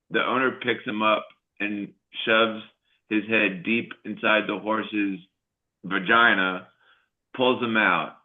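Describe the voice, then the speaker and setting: An American man in casual group banter, telling a joke haltingly and laughing a lot. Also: lowish voice, fairly even intonation. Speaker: live show participant. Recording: tinny phone-like line.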